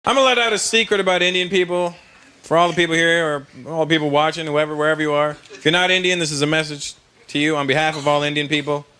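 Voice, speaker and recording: Brash high-voiced male stand-up comic. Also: steady tone, fast talker, bright, forceful tone, smooth. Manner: brash, teasing the crowd. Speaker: stand-up comedian. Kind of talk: stand-up comedy. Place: comedy stage before a live audience. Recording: noisy live stage recording.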